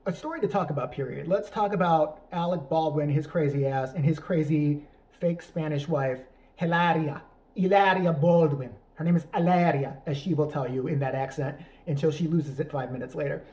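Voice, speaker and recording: A man's voice: fairly high pitch, a little fast, warm tone, rough recording. A man hosting a profane comedic rant, crude, sarcastic and rambling. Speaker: YouTube commentator.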